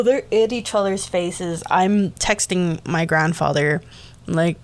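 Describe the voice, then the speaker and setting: A young man hosts a casual solo podcast and tells a long, rambling story. He talks in an animated, easygoing way. He breaks off with little laughs and quick hushed asides. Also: high-pitched. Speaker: podcast host.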